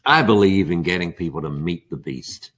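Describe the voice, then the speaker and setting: An older man, a dog trainer, talks about training dogs on a live stream. His pitch swings up and down as he tells his stories. He acts out dogs and owners in funny voices. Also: lively intonation, normal speed, a bit bright, slightly rough. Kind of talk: animated live stream chat.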